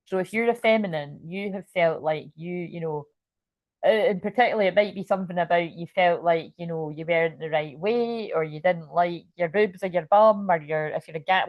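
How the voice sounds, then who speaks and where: A woman with a lowish, slightly mellow voice gives a live tarot reading at a brisk pace, with no echo. Her delivery is loose and rambling; she swears casually and keeps checking in with listeners by asking "you know what I mean."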